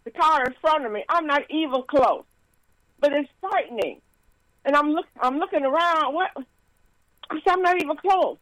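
A woman minister giving a casual sermon with stories and announcements, lively and laughing, with frequent praise interjections. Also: high voice, normal speed, pauses often, no echo, low-quality recording.

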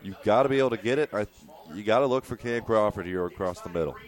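A young man giving color commentary on a high school football game, explaining play calls like a coach. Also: fast.

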